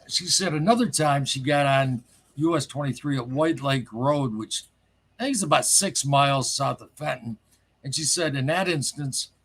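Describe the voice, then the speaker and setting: A man calling in to a show, telling a strange story in a rambling, excitable way and swearing casually. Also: on the high side, vocal fry, slightly rough. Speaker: caller sharing a paranormal story.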